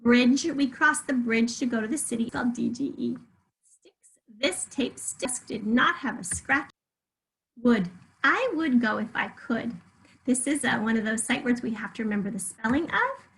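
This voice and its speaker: A woman teaching a remote spelling lesson to third graders, talking patiently and clearly with example sentences. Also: on the high side, moderate pace, fairly bright tone, rough recording. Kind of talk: remote spelling lesson over shared slides.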